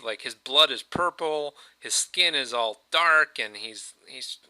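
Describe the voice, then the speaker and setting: A man telling a story casually, with loose, chatty phrasing. His voice is very bright and crisp. The sound is close and dry. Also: mid-range voice, slow, no room sound, low-quality recording. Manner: chatty, loose, many fillers. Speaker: host.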